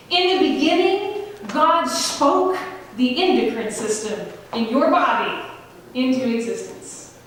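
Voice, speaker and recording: A woman pastor preaching a sermon, conversational and emphatic, slowing down to stress key phrases. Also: high-pitched, a little hiss or hum. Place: large church sanctuary. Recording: echoey hall, voice from far off.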